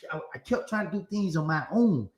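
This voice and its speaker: A man's voice: high voice, lively intonation, a little fast, roomy sound. A man telling a long story about praying in jail, acting out his talks with God in a preachy, emphatic way. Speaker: commentator in a played clip. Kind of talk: storytelling monologue.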